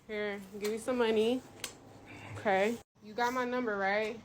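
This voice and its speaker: A woman's voice: on the high side, steady tone, moderate pace. A young woman vlogging on her phone outdoors on city streets, chatty and emotional, talking straight to her viewers. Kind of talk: casual phone vlog. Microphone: phone camera at arm's length. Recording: loud street noise behind.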